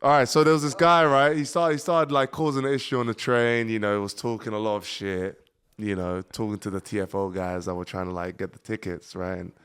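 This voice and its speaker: A man's voice: fairly low pitch, a little fast, clear, resonant tone. A man chatting casually as a podcast guest, swearing freely and calling people "bro" and "man" as he tells stories. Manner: swears freely, says "bro" and "man", lively when telling a story. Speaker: podcast guest, jiu-jitsu competitor. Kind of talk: casual chat, storytelling.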